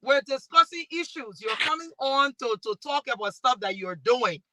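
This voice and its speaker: A woman with a Liberian accent, speaking on a discussion panel and telling stories in a lively way with many restarts. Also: sits high, moderate pace, noisy background. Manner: animated storytelling with restarts. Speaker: talk show host and panelist.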